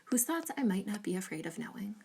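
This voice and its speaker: A witty, spirited young lady, voiced by a woman reading a storybook. She banters archly. Her mid-pitched voice has a gravelly edge. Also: very animated, fast talker, darkish tone, slight background noise. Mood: bantering. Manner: arch and bantering.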